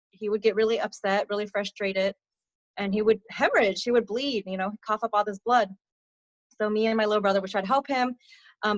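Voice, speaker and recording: A young adult woman giving a candid personal testimony as a podcast guest, speaking softly with many fillers and letting her voice sink on the hardest parts. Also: dry recording. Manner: soft-spoken, frequent fillers, drops low on hard parts. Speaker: podcast guest, abuse survivor mentor.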